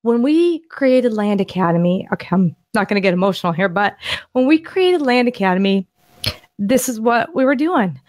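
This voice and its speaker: A woman co-host talks through land deals she is sharing on screen, her voice eager and full of restarts. Her pitch sits in an ordinary middle range, and the sound is close and dry, with no room around it. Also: normal speed, no room sound. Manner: excited, rambling with frequent restarts. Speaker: podcast co-host and land investor. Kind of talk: casual screen-share deal walkthrough.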